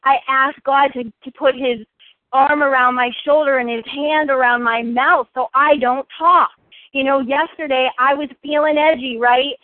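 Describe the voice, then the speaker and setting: A woman's voice: high-pitched, fairly even intonation, normal speed, no echo. A woman sharing personally at a recovery meeting, earnest and full of rhetorical questions. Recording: phone-like dry line.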